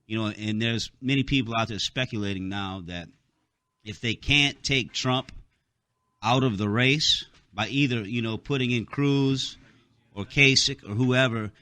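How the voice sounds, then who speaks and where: A man's voice: mid-range voice, unhurried, bright, forceful tone, no echo. A man hosting a talk radio show, rambling through a casual monologue with many fillers, and he has the hiccups.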